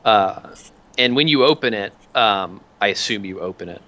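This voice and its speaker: A man's voice: fairly low pitch, expressive, moderate pace, pushed and bright, muffled recording. A man narrating as game master, describing scenes in a loose, rambling way. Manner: loose, rambling description with many fillers and restarts.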